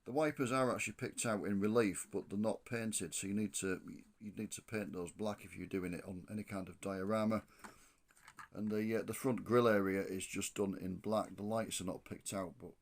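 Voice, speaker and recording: Low-voiced man reviewing a toy. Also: steady tone, moderate pace, vocal fry. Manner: thinking aloud with many ums and restarts. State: losing his voice. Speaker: model bus reviewer. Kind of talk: casual hands-on product review.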